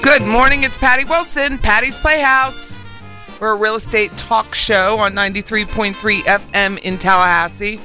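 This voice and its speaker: A woman's voice: mid-range voice, steady tone, normal speed, music in the background. A woman with a Philadelphia accent hosting a radio talk show, speaking in a casual, emphatic way and hammering home key words. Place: radio studio.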